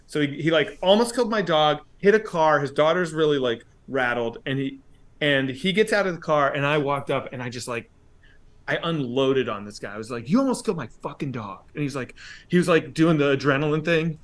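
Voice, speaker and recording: A man casually telling a story on a comedy podcast, swearing often and acting out shouted quotes. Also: a little high, lively intonation, fairly quick.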